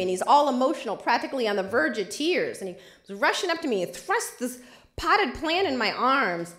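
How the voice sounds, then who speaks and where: A woman's voice: a little high, fairly bright tone, roomy sound. A woman lawyer giving a lecture, telling a vivid personal story. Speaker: civil rights lawyer. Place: lecture hall.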